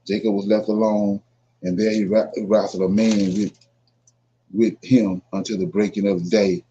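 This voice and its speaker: A lowish, dark male voice with a flat delivery moves at a moderate pace over slight background noise. He's giving informal scripture teaching: reading verses, explaining them with emphasis, and frequently asking "right?" The audio is dull and lo-fi.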